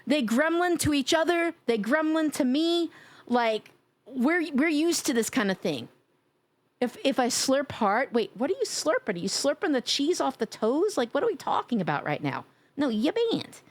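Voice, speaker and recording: A woman streaming live in a casual, playful chat, teasing her viewers and laughing loudly. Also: very animated, normal speed. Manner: drops to a low sultry tease at times.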